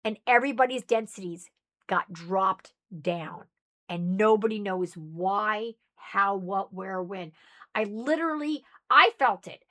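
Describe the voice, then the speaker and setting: A woman's voice: fairly high pitch, bright, forceful tone. A middle-aged woman talking casually to her viewers in a rambling, emphatic, preachy way. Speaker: spiritual vlogger. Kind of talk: casual monologue to camera.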